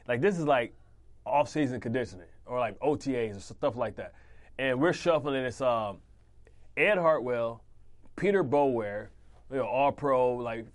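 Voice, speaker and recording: A man in his forties, a former football player, telling stories in a casual interview, laughing and acting out what others said. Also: medium pitch. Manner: animated, laughing storyteller who acts out quotes.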